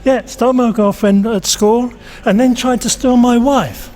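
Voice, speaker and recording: A man being interviewed about his stage role, talking in a hesitant, halting way. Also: extremely high pitch, steady tone, warm tone. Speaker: interviewee, amateur actor. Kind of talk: casual chat.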